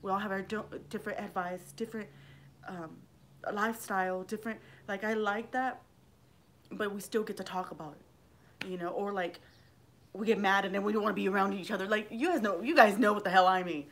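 A woman's voice: medium pitch, steady tone, brisk. Middle-aged woman, livestream vlogger, rambling casual chat, swears a lot, talks straight to viewers. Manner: rambling, swears freely, addresses viewers by name.

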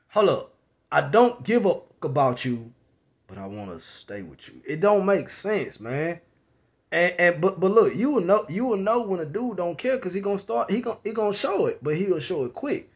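Animated young man ranting to camera. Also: high voice, normal speed, husky. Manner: animated, repetitive, slangy storytelling with quoted voices. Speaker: vlogger. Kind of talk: casual rant to camera.

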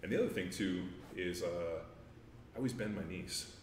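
A man with a very low, deep voice talks in a loose, rambling way, full of fillers and casual swearing. He sounds a little distant from the microphone, in a roomy space with faint ambient noise behind him. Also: normal speed. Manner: laid-back, rambling, with many fillers and profanity. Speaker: guest, former NFL offensive lineman. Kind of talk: casual interview chat.

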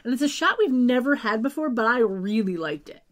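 Quick and lively, with a fairly high pitch, this woman co-hosts a podcast and chats her way through a TV episode recap. Her wry comments pile up, and she often ends a thought with "just saying."

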